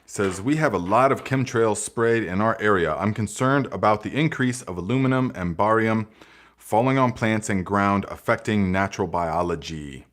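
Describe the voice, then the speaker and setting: A man hosting a live gardening Q&A, chatting casually with viewers, sarcastic and animated, laughing often and saying "okay" and "guys" a lot. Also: fairly low pitch. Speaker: gardening channel host.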